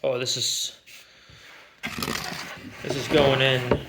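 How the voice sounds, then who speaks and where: A man's voice: medium pitch, completely flat delivery, extremely slow, heavy background noise. A man narrating his woodworking project in a rambling, casual way, talking to himself as he works. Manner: drops into a hushed whisper while doing delicate work. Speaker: woodworking vlogger. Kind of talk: casual talk while working.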